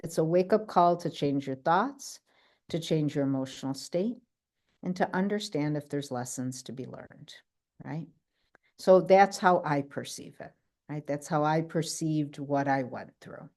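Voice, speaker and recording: A woman telling a personal story on a video call, animated, often checking in with "right?" and acting out what others said. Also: sits low, measured pace. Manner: acts out other people's quoted lines. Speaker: guest speaker. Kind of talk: personal story in an online talk.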